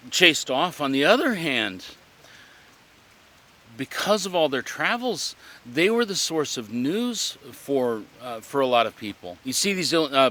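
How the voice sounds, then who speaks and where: A man, a living history reenactor, talking in a reflective interview in an earnest, halting way as he searches for words. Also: mid-range voice, sharp tone, a little hiss or hum.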